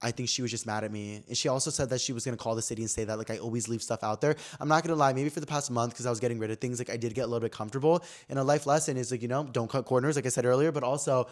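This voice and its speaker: A young man hosting a casual podcast, telling a story animatedly and acting out quoted lines in a high, excited voice. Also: rapid-fire, few pauses. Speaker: podcast host.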